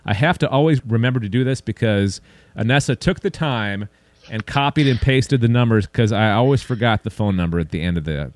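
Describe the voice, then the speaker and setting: A man's voice: lowish voice, a little fast, no room sound. A man hosting a casual podcast, chatting easily and running through the show's closing plugs. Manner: relaxed, chatty, wraps up with plugs. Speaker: podcast host.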